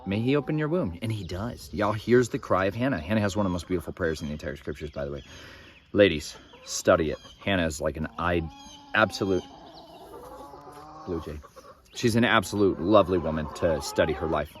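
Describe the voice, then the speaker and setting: A young man who teaches the Bible casually retells its stories outdoors in a farmyard, rambling, opinionated and drifting into digressions while chickens cluck in the background. He speaks briskly in a deep voice, with a little hiss or hum on the recording.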